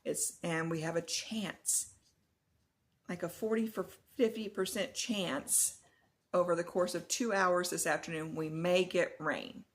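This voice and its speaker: A middle-aged woman from Texas chatting casually in a vlog, retelling a nightmare with laughs and animated swings. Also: lowish voice, a little slow. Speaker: vlogger.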